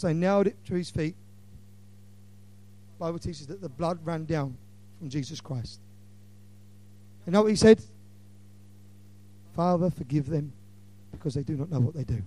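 A middle-aged man preaching an impassioned evangelistic sermon, swinging between loud declarations and hushed lines. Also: sits high, dry recording.

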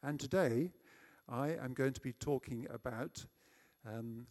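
Chatty middle-aged preacher. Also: male voice, medium pitch, a little slow. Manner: self-deprecating, chatty storyteller who acts out shouting. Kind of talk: sermon with personal story.

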